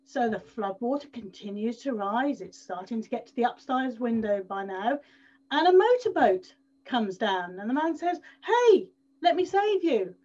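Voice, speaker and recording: Woman giving a talk, pretty high voice, lively storyteller, kinda dull lo-fi audio. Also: normal speed. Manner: animated storyteller, leaning on repeated words. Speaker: speaker at an event. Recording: dull slightly lo-fi sound.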